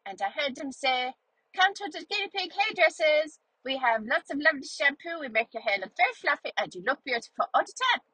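A woman's voice: high-pitched, big pitch swings, fairly quick, pushed and bright, no room sound, pitched above the performer's own voice, full character voice, poor audio. A woman doing a grumpy, sulky neighbor dog. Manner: sulky and complaining.

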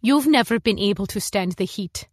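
A woman's voice: mid-range voice, animated, normal speed, husky, no echo, clean studio sound. A woman voicing a sneering middle-aged mother who is a tough bounty hunter, in a read-aloud science fiction story. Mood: teasing. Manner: sneering, teasing. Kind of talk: scripted narration.

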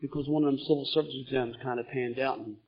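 A middle-aged man telling his recovery story at a meeting, lively and laughing as he goes. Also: mid-range voice, fast, husky. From Philadelphia, USA. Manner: animated storytelling, gets loud and laughing at funny parts. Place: meeting room in front of an audience. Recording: dull lo-fi meeting recording.

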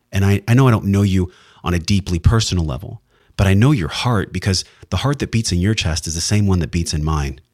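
A man's voice: low-pitched, a little mellow, husky, dry recording, studio quality. A man hosting a wellness podcast, speaking in an earnest, heartfelt monologue with emphatic, sometimes profane emphasis. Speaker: podcast host.

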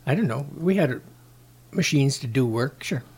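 Husky man giving terse answers. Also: medium pitch, animated, moderate pace, a little mellow. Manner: terse, hesitant short answers. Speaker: co-host. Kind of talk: casual chat.

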